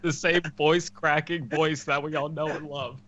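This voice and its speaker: Bright-voiced man on a slightly dull line. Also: a little high, steady tone, moderate pace. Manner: chuckling, easygoing, swears casually. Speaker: podcast co-host. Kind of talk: casual chat.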